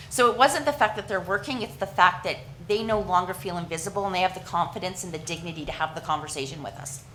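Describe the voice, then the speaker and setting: A woman's voice: on the low side, quick pace, few pauses, pushed and bright, a little hiss or hum, poor audio. Earnest Canadian woman presenting to council. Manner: earnest, with many restarts and fillers.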